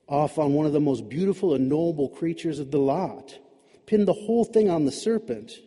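Wry man narrating with a dark, husky voice. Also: a little high, big-room sound. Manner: wry, dramatic, sardonic. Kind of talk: storytelling narration.

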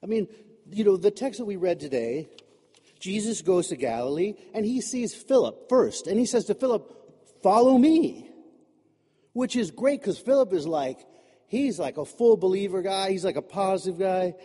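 A man with a high, mellow voice preaches in a relaxed, joking, conversational way. He fills his talk with "you know" and asides. His voice rings with a long echo, as from a church hall. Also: moderate pace, breathy edge. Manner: chatty and humorous, many fillers like "you know". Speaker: pastor. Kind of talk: conversational sermon. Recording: echoey hall.

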